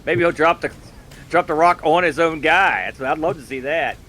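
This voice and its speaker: A man's voice: a little high, moderate pace, sharp tone. A man playing a tabletop game, chatting in eager, playful banter. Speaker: player. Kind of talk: casual game chat. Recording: faint background noise.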